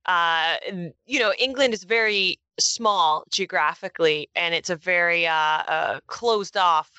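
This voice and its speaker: A woman's voice: lowish voice, measured pace, bright, forceful tone, clear, resonant tone, dry recording, dull audio. A woman co-hosting a podcast in casual chat, thoughtfully explaining an idea. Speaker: podcast co-host.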